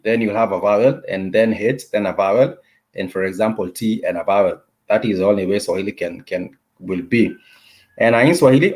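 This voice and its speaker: A man with a somewhat low voice gives a relaxed online language lesson. He talks in a hesitant way, full of restarts and repeated words, and he goes over each example slowly and patiently. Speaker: language teacher.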